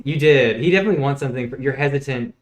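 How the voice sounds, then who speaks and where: A man's voice: mid-range voice, very fast. A man running a tabletop role-playing game as game master, playful as he calls for rolls.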